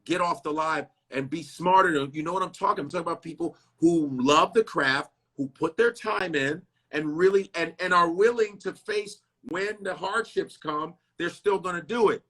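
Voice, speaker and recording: Blunt, bright-voiced comedian. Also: male voice, on the high side, normal speed, few pauses. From Chicago. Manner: blunt, profane, animated storytelling that acts out other people's lines. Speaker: comedian guest. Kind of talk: casual interview chat.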